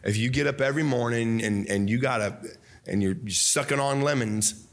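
A young man, a pastor, preaching a fervent sermon with loud mock voices and low asides. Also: normal speed. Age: young adult.

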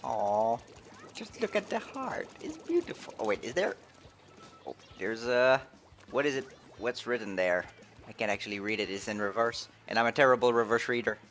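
A man streaming a video game live, chatting playfully and excitedly. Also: on the low side, moderate pace. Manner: playful, excitable, switching between English and French. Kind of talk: casual live-stream commentary.

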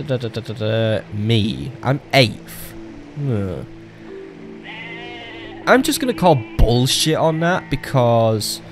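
Man, let's play host, mid-pitched and joking, game music underneath. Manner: chatty and jokey, talks to game leaders, swears. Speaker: gaming channel host. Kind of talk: casual let's play commentary.

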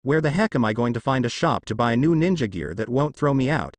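A man's voice: medium pitch, animated, fairly quick, no room sound, natural voice. A man voicing a cheerful, clueless teenage boy ninja, eager and earnest, close to his own voice.

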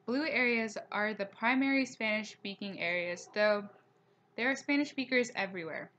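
A young woman with a voice of middle pitch narrates a recorded slideshow lesson. She reads each slide aloud at a steady pace. She slows down to spell out pronunciation points. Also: dull audio. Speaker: teacher.

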